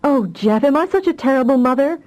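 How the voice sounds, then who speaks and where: A fretful, fiery mother from a science-fantasy audiobook, pleading in a raised, strained voice. A woman narrator acts her out with a dark, mellow timbre. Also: high-pitched, animated, fairly quick, pitched above the performer's own voice, poor audio. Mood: distraught. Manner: distressed, pleading, emotional. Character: anxious, fiery telepathic mother, adult woman.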